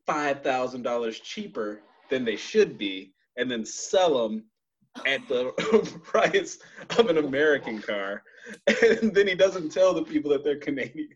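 A man's voice: medium pitch, expressive, unhurried. Rambling male podcast host, lo-fi. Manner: rambling, laughs through stories. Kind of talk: casual chat.

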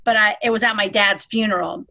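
A middle-aged woman in casual conversation, telling a personal story in an animated way. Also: medium pitch, a little fast, gravelly. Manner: animated storytelling, bursts into loud mock scolding.

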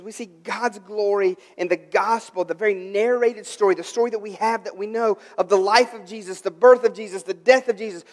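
A man in his thirties delivers a sermon with a fairly high voice that swells to loud emphasis and falls away to near-quiet asides. He often stammers and restarts a phrase. The sound carries the long reverb of a large church hall. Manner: emphatic preaching, swelling louder and softer, repeated stammered restarts. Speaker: pastor.

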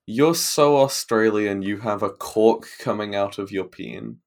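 A man's voice: lowish voice, measured pace, creaky. A man co-hosting a podcast in casual chat, with dry, teasing humor. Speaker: podcast co-host.

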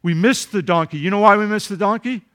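High-voiced man preaching a sermon. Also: quick pace, bright, forceful tone. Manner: earnest preaching with rising emphasis and rhetorical questions; repeats words when speaking off the cuff. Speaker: pastor.

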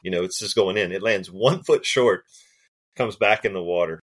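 A man, a golf caddie and podcast guest, telling stories in a relaxed, chatty way and acting out the voices of people in his stories. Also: low voice, moderate pace. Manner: animated, laughs often, acts out quoted voices. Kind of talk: casual storytelling.

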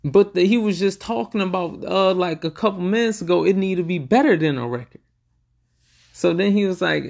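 A young man talks through a casual reaction video in a fairly high voice with a gravelly fry. He is excitable and profane, and he keeps acting out what people said in quick quoted bursts.

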